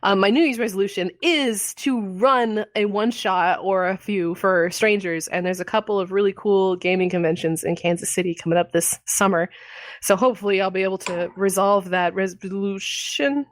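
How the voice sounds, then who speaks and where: A woman's voice: mid-range voice, moderate pace, no room sound. Podcast co-host: woman, 30s, nasal cold voice, rambling and self-mocking, dry close mic. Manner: rambling, self-deprecating, laughs often. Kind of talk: casual chat.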